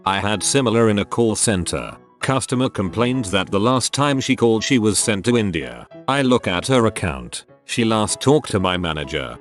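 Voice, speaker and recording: A man reading online stories aloud as a narrator, in a steady, even storytelling manner. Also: on the low side.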